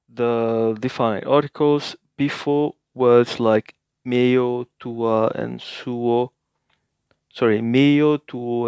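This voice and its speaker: A man hosting a casual spoken language lesson, thinking aloud with many filler sounds and repeating words slowly for the listener. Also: mid-range voice, smooth, no room sound, clean studio sound. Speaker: language-learning video host.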